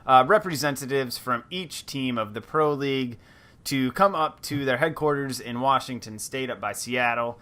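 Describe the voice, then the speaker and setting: A man's voice: medium pitch, moderate pace, sharp tone. A man hosting a competitive gaming podcast, presenting segments in an upbeat, fluent way with casual fillers. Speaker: podcast host. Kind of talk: casual chat.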